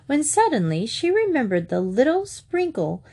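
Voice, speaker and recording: A woman narrating a children's story aloud, lively and shifting her voice higher for the children's lines. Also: moderate pace. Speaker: audiobook reader.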